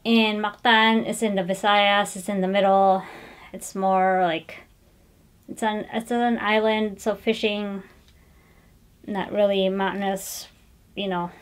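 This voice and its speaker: A woman's voice: mid-range voice, smooth. A woman hosting a stitching vlog, showing her finished pieces in a chatty, digressive way with frequent fillers and self-corrections. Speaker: flosstube host showing cross-stitch finishes. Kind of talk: casual show-and-tell chat.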